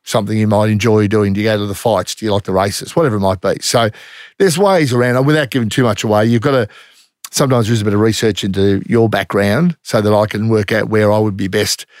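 Speaking quickly in a lowish, fairly even voice, a middle-aged former undercover cop with an Australian accent recounts stories in a casual interview, bluntly and matter-of-factly with lots of slang. The studio sound is clean and dry.

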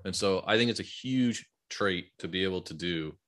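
A man co-hosting a casual podcast conversation, a parent with a business background who tells animated stories and uses lots of fillers. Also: deep voice, moderate pace. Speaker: podcast host.

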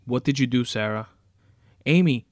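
A man voicing a panicked, furious man who has been tied up, shouting in desperation. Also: medium pitch, fairly even intonation, moderate pace, dry recording, studio quality, lightly acted. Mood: frantic shouting. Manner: shouting, frantic.

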